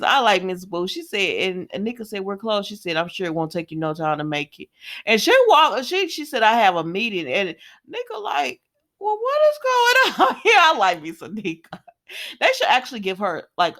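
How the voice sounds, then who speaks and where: A woman's voice: on the low side, lively intonation, brisk, a bit bright. A woman, casually recapping a soap opera episode, chatty, laughing often and slipping into voices for the characters.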